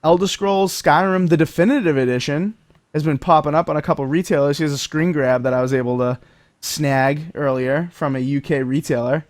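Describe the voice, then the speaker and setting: A man's voice: a little high, fairly quick, no room sound, studio quality. Rambling podcast host man. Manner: rambling, lots of fillers, reads chat comments aloud. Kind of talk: casual gaming podcast chat.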